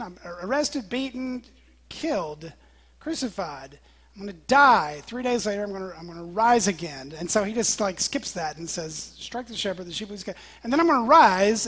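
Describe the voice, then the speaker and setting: A man preaching a sermon, telling a story with animated quoted lines and sudden drops to a whisper. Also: sits high.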